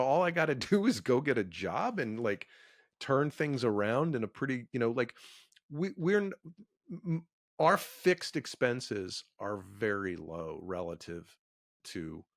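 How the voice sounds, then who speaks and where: A middle-aged male comedian talking as an interview guest. His mid-pitched voice sounds dry and close, with no room around it, and he works through his points thoughtfully, stammering on restarts and dropping wry jokes. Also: no echo. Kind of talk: casual conversational interview.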